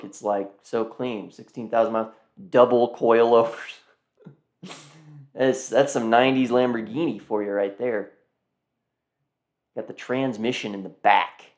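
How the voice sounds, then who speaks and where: Rambling man hosting a car stream. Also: mid-range voice. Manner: rambling, talks to viewers as "guys", repeats himself. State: yawning, tired. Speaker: car auction livestream host. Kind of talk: casual live commentary.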